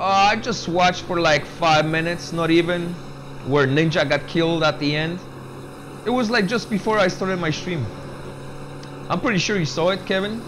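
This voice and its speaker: A young man gaming on a live stream, chatting casually with viewers and dropping "man" and "bro" into every sentence. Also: high-pitched. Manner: laid-back, says "man" and "bro" constantly, reads chat aloud. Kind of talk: casual live-stream chat while playing. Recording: game engine noise behind the voice.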